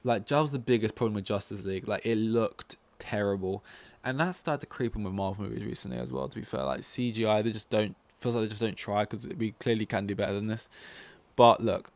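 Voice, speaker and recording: A man's voice: fairly low pitch, brisk, darkish tone, no echo. A man hosting a solo podcast, rambling casually through opinions with lots of fillers and swearing. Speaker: podcast host.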